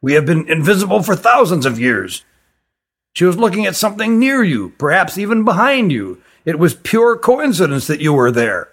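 A man doing Ruggum, a measured old elder. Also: high-pitched, big pitch swings, husky, full character voice. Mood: reassuring. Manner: measured, careful, reassuring. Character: wise old male elder, an overseer.

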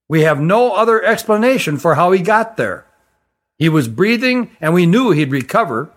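A stern male stranger in a storybook, his voice lifted noticeably high as a man puts him on and he lays out events in a measured, explanatory way. The delivery is steady and deliberate. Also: heavily acted.

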